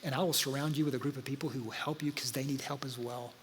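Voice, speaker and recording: A man, preaching a sermon full of stories and speaking straight to his congregation in a lively, conversational way. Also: mid-range voice, quick pace, a little hiss or hum. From Georgia, USA. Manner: animated, conversational, talks to the audience. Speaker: pastor. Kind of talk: sermon with storytelling. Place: church auditorium. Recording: live church hall with long reverb.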